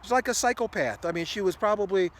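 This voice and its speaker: A man's voice: high voice, fast talker, fairly bright tone. A man in his sixties telling a rambling everyday story to camera, with many fillers and restarts. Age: 60s. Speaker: ministry video host.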